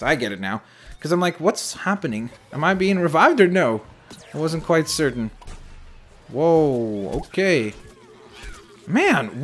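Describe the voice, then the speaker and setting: A young man giving casual running commentary over a shooter game, animated and quick to exclaim when things go wrong. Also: fairly high pitch. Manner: animated, exclaims at setbacks, jokey asides. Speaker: gameplay commentator. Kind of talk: gameplay commentary.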